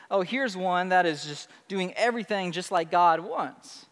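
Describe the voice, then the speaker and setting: A man's voice: high voice, fairly bright tone, long reverb tail. A man preaching a sermon as pastor, conversational and emphatic, often restarting and asking rhetorical questions. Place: church sanctuary.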